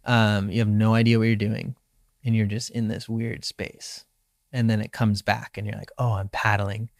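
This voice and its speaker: In an interview, a young Hawaiian pro surfer reflects calmly on his story, often voicing his own inner thoughts aloud. He speaks at a normal speed in a lowish voice with vocal fry, captured in clean studio sound with no room noise.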